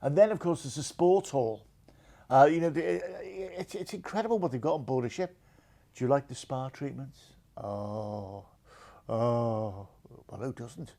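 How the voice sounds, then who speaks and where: A man's voice: a little high, expressive, a little fast, creaky, dark tone. A man hosting a TV cruise deals show, talking in an enthusiastic, salesy, chatty way full of "you know" fillers.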